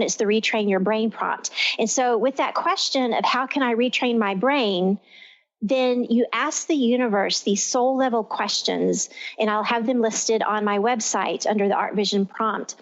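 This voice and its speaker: A woman from Texas hosting a talk radio show, explaining in long flowing sentences. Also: fairly high pitch. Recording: lo-fi radio sound.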